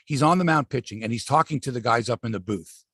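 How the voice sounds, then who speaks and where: A man's voice: medium pitch, fast, slightly rough, no room sound, clean studio sound. A middle-aged man hosting a sports podcast, talking casually and profanely and acting out what players said. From Canada. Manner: animated, profane, acts out quotes from players. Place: outdoor studio by a lake.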